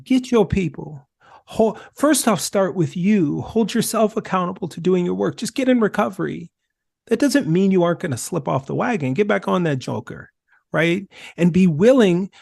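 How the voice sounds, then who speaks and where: A man speaking as a podcast guest, telling stories in an emphatic, animated way. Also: high-pitched, normal speed, vocal fry, no room sound, studio quality. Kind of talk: conversational discussion.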